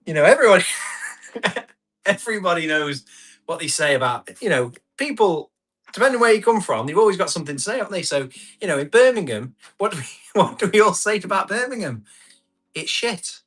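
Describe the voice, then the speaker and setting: A man's voice: high voice, very animated, brisk, fairly bright tone. A man, chatting casually as he runs a live tool auction, reading out bids and comments and laughing often. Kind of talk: casual live-stream selling chat.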